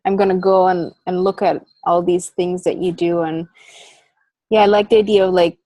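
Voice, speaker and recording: A woman's voice: fairly low pitch, little pitch movement, normal speed, no echo, poor audio. Affirming woman host, dry sound. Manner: warm, affirming, hesitant phrasing. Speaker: interview host. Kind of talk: casual interview chat.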